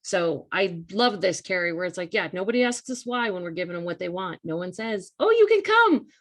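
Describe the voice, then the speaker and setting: During a live coaching talk, a woman speaks in a lowish, fairly quick voice. She is casual, earnest and emphatic, going over key points again and again while addressing her listeners head-on.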